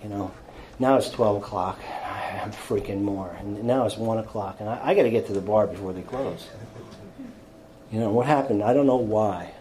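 A man telling his own recovery story to an audience in a rambling, self-deprecating way, full of restarts and quick impressions of other people. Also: lowish voice, dark tone, slight background noise, poor audio. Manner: acts out others with quick quoted voices. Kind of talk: personal recovery talk to an audience.

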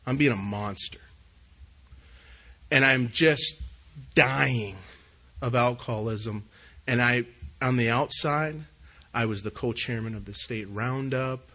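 A middle-aged man tells his recovery story to a meeting, his voice bright and forceful. He speaks in an earnest, confessional way, dropping to a hush and then rising loud again. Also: mid-range voice, slow pace, long pauses, low-quality recording. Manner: earnest, confessional, swings between hushed and loud. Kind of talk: personal testimony at a recovery meeting.

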